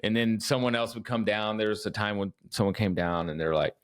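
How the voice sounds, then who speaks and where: A man's voice: fairly low pitch, fairly quick, smooth. A man in his thirties co-hosting a podcast, telling a story and acting out what people said. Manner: animated storyteller, acts out quotes. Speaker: podcast co-host. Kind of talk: casual chat.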